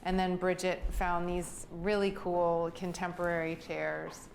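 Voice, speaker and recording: A middle-aged woman with a fairly low voice walks through her home, describing it in a relaxed, gushing way with easy fillers. A faint hum of room noise sits behind her. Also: measured pace, gravelly. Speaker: homeowner giving a house tour. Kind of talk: video house tour narration.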